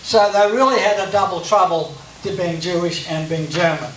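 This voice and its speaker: With a high pitch, normal speed and a slightly bright sound, an Australian guest speaker gives a light, joking personal talk at a church gathering. The mic is far off in an echoing room, with a faint hiss.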